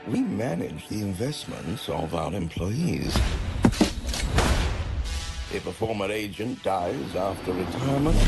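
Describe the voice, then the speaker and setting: An actor playing a scheming male boss who explains the company's plans in a slow, deliberate way. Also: on the low side, heavily acted. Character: scheming corporate boss of hitmen, man. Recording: film trailer with loud score behind.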